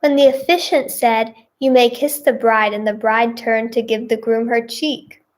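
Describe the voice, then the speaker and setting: A woman's voice: fairly high pitch, steady tone, a little slow. A woman giving casual reaction commentary, reading posts aloud with giggly, exclamatory remarks. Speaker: singer and video creator.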